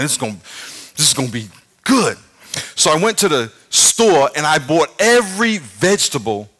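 A middle-aged man preaching a sermon as pastor, telling a story with shouted sound effects and playful, self-mocking humor. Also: mid-range voice. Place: large church.

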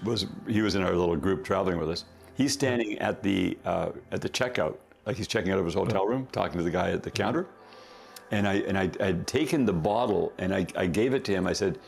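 A man's voice: deep voice, gravelly, a little mellow. A man, a company founder, telling a rambling story in a casual interview, correcting himself often and laughing.

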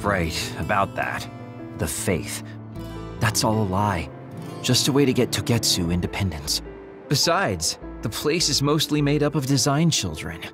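Sly evasive male schemer, teasing drawl, lively pitch, over game music. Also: unhurried. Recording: game audio with music behind.

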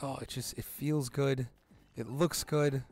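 A man in his thirties with a gravelly, fry-edged voice, commentating a video game as he plays. He rambles excitedly, swears freely and yelps at his mistakes. Faint game music plays behind him. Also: medium pitch, measured pace. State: out of breath. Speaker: gaming channel host. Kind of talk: excited let's-play commentary.

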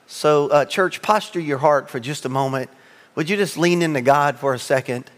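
A pastor delivers his sermon in a slightly high male voice, spinning comic stories about himself with animated energy. His words ring out through a large sanctuary with a long, lingering reverb. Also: moderate pace. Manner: animated storytelling with self-mocking humor.

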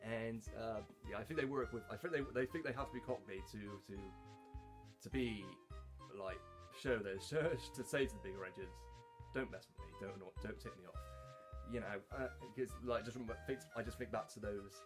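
Guy rambling about doing voices, low-ish voice, lots of ums and restarts, faint music under it. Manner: halting, with many fillers and restarts. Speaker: hobby voice actor. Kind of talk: casual talk to camera.

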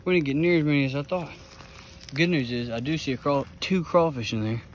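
A man's voice: on the high side, brisk, a little hiss or hum. A man, out of breath, chatting casually to viewers while vlogging outdoors by a creek. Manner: chatty, talks to viewers while riding and hiking.

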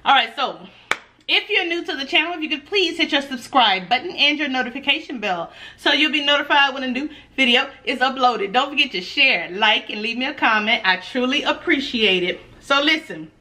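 A woman's voice: high voice, expressive, fairly quick, sharp tone. A woman food vlogger, chatting casually and nervously to her viewers, laughing often. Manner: nervous, giggly energy. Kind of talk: casual mukbang vlog.

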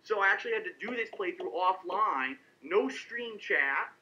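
A man's voice: sits high, animated, normal speed, over a noisy crowd. A man talking on a live stream as a game reviewer, rambling and restarting his sentences. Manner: rambling, talks over himself with restarts. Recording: lo-fi stream audio.

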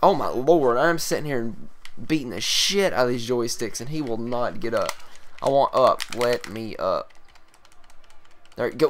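A young man swearing and yelling while commentating his own fighting game, sometimes calming himself down. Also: mid-range voice, measured pace. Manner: profane, yelling and groaning at the game. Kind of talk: live gameplay commentary.

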